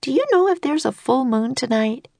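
A woman's voice: high voice, expressive, moderate pace, creaky, darkish tone, no echo, pitched above the performer's own voice. A woman voicing a curious, eager young girl in a storybook reading. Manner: eager, inquisitive.

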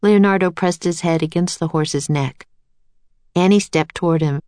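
A woman narrating a children's storybook in a calm, measured reading voice. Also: lowish voice, smooth, dry recording.

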